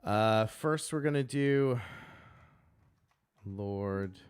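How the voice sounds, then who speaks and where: A man's voice: lowish voice, extremely slow, clear, resonant tone, dry recording. A man hosting a live stream as game master, chatting casually and thinking aloud while explaining his process.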